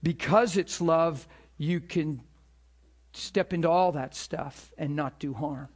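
A man preaching to a ministry school, telling a story with emphatic, animated delivery and acted-out dialogue. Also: takes it slowly. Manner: animated, emphatic, acts out dialogue with rising pitch. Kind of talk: sermon storytelling.

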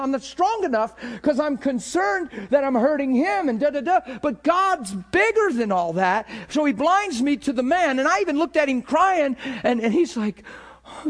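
This pastor's voice is very high as he preaches a conversational, animated sermon. Between points he laughs, and he acts out imagined thoughts in a hushed voice.

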